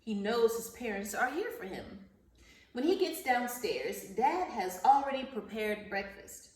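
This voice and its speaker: A woman teacher giving a vocabulary lesson and reading a story aloud to children, speaking slowly and enunciating carefully, repeating words. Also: fairly high pitch, sing-song. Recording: roomy, echoey sound from a distance off the mic.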